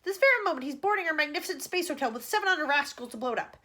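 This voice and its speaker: A woman reading aloud, voicing a blustering, hot-tempered male president who shouts and bangs on phones. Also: sits high, rapid-fire, voice pushed up. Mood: shouting. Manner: shouting, excitable.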